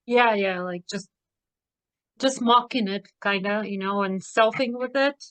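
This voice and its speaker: A woman's voice: medium pitch, unhurried, a bit bright, no echo. A woman taking part in an online workshop, speaking in a loose, casual way with plenty of "like" and "kinda". Her voice sounds dry and close. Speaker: workshop participant. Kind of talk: casual chat.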